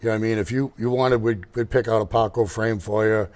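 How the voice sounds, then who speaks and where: A man's voice: lowish voice, steady tone, quick pace, darkish tone. An older man who owns a motorcycle shop, telling rambling, digressive stories as a guest in an interview. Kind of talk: casual storytelling interview.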